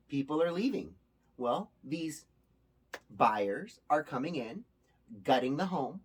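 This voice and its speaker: A male host giving casual spoken commentary to his viewers in an emphatic way, with a touch of sarcasm. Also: fairly high pitch. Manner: animated, emphatic, sometimes sarcastic. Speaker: show host.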